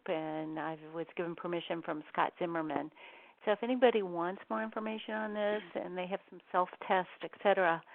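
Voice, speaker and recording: A woman's voice: lowish voice, vocal fry. A woman giving a webinar presentation in a conversational way, with many ums and restarts. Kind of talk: presentation on communication styles. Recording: tinny phone-line audio.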